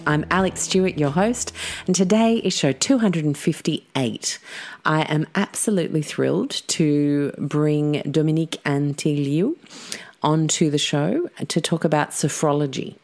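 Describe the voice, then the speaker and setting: A woman hosts a podcast and reads an ad. Her voice sits low, and she talks in an eager, chatty way with plenty of fillers. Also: expressive, a little slow, darkish tone, soft background music. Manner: enthusiastic, chatty with many fillers. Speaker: podcast host. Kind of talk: podcast intro and ad read.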